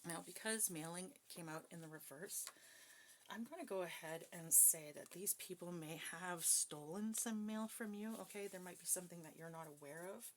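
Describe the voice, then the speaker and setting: A woman's voice: on the low side, normal speed, a little hiss or hum. A woman who is a psychic reader, talking casually and bluntly to her viewers, with plenty of swearing and emphasis. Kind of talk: casual personal talk to viewers.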